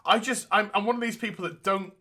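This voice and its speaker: A man's voice: sits high, fairly even intonation, fast talker, pushed and bright. A man co-hosting a casual podcast, talking bluntly with lots of swearing and restarts. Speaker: podcast co-host.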